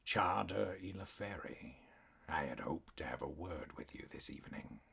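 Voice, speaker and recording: Male narrator doing a hulking black cat warlord: deep, gravelly, slow, breathy near-whisper threats, audiobook. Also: lively intonation, full character voice. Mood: quietly menacing. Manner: slow, soft-spoken threats, growling.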